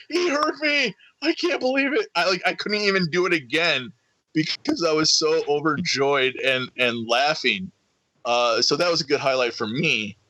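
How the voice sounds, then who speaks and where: A man co-hosting a casual podcast chat, telling an excited story and acting out the voices of people around him. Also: medium pitch, no room sound, poor audio. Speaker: podcast co-host.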